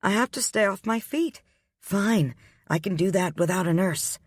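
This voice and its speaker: A man's voice: sits high, expressive, moderate pace, no room sound, clean studio sound, voice pushed up. A male audiobook reader voicing a stubborn, indignant young pregnant woman who talks back sharply. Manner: sharp and defiant.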